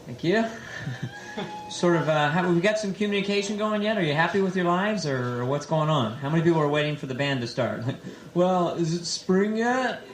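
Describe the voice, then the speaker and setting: A man's voice: on the high side, fairly quick. A man in his twenties from San Francisco doing stand-up comedy, playfully teasing the audience in a nightclub. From San Francisco, USA. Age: 20s. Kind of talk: stand-up comedy with crowd work. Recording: echoey club, loud crowd and noise.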